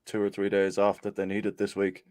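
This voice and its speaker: Very deep voiced bloke, chilled out, swears a bit, dry close mic, chatting on a footie podcast. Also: male voice, completely flat delivery, fairly quick, darkish tone, no room sound. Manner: laid-back, swears casually, reads out notices. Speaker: podcast guest. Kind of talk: casual football podcast chat.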